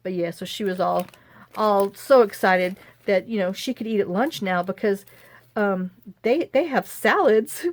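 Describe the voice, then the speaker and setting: A woman's voice: mid-range voice, measured pace, dry recording. Chatty woman crafting at home. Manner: chatty, folksy, talks to herself as she works. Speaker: craft vlogger. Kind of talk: casual chat while crafting.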